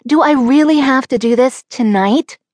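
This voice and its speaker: A pleading, excitable teenage girl, acted by a woman narrator in an audiobook. Her voice climbs high and loud as she begs. The recording is close and dry. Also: normal speed, dry recording. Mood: exasperated. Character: seventeen-year-old girl, pleading and whiny. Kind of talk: audiobook character voice.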